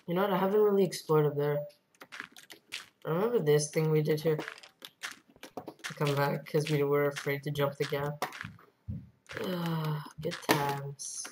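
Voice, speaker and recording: A woman giving casual let's-play commentary, rambling along and bursting into excited yelps. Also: low voice, unhurried, pauses often. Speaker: gameplay commentator. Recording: noisy home computer mic.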